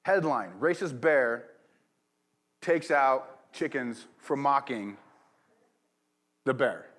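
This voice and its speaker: A man's voice: medium pitch, animated, slow, a bit bright. Pastor, man, loose conversational sermon delivery, mid-range voice. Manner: casual, rambling, laughs at his own story. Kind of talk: sermon with personal storytelling. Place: church.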